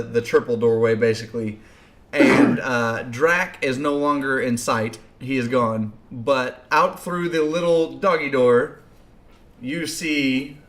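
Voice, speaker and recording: A man narrating a tabletop game as game master, casual and halting, laughing often. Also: medium pitch, fairly bright tone.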